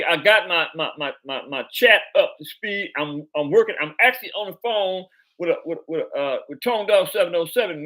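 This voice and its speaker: A man's voice: fairly high pitch, bright, forceful tone. A man hosting a live stream chat, talking casually in slang and stumbling over repeated words.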